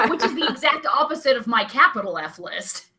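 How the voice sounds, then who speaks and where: A woman co-hosting a nerdy comedy podcast, with a high, very bright voice that swings all over the place. She talks in animated bursts and laughs easily, keeping the banter playful. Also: a little slow. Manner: animated, giggly, jokey. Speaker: podcast co-host. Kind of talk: casual comedic chat.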